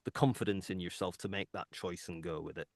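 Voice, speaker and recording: A man's voice: deep voice, a little fast, darkish tone, dry recording, studio quality. A man with a Hull accent, a voice actor guest explaining his craft in a thoughtful, chatty way with fillers and asides. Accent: Hull English. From England. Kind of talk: casual interview chat.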